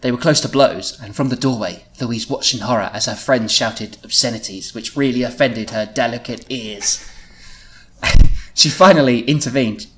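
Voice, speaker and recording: A man's voice: mid-range voice, normal speed, fairly bright tone. A man hosting a comedic podcast, reading his old teenage writing aloud and often giggling at it. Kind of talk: comedic podcast read-through.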